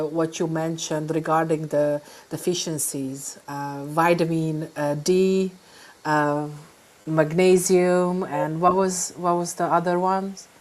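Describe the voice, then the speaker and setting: A woman hosting an interview, encouraging her guest with quick affirmations. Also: lowish voice. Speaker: host.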